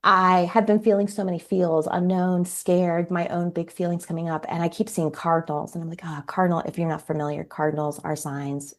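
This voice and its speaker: A woman's voice: fairly low pitch, little pitch movement, normal speed, few pauses. A woman in her forties, a parenting coach on a podcast, telling stories animatedly and acting out quoted dialogue. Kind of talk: podcast interview storytelling.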